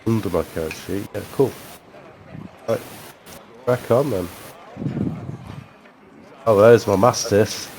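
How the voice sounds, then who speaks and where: A man's voice: on the low side, slow pace, pauses often, darkish tone, a little hiss or hum, poor audio. Jokey man at the gaming table. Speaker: player. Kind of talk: casual chat.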